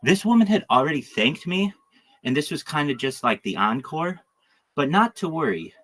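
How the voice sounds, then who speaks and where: A man rambles through a livestream monologue, dropping crude jokes and wandering off on asides. His voice is bright and a little husky, and his pitch swings widely as he talks. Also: sing-song, normal speed.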